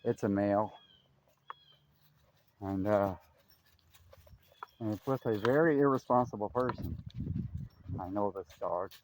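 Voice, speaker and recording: A man's voice: fairly low pitch, measured pace, long pauses, darkish tone. A man vlogging casually while walking his dog along a river trail, chatting and calling to the dog. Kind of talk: casual outdoor walk-and-talk. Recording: faint outdoor noise.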